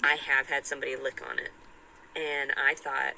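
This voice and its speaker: A woman talks to the camera in a casual vlog. Her tone is very bright and sharp. She rambles on and sounds self-important, with faint noise in the background. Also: very deep voice, level tone, moderate pace, vocal fry, low-quality recording.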